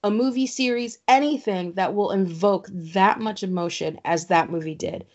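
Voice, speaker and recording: A woman chatting casually as co-host, telling stories emphatically and with lively feeling. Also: medium pitch, normal speed. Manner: animated, emphatic storyteller. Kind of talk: casual chat. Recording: slightly dull lo-fi sound.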